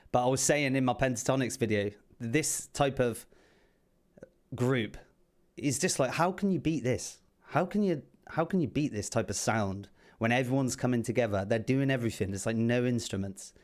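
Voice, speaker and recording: A man hosting a music reaction video, chatting excitedly and swearing freely. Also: medium pitch. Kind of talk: casual reaction commentary.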